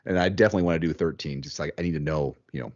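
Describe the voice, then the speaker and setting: Podcast host, male, low voice, animated and chatty, dull lo-fi sound. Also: racing. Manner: animated, thinks aloud, repeats words. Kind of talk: casual chat.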